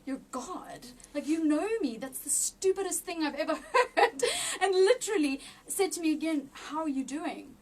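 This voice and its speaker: A woman with a high voice shares a personal faith testimony, halting and restarting as emotion rises close to tears. She sits a little back from the mic, with a faint hum of room ambience behind her. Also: animated, far from the mic. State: near tears. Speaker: interview guest.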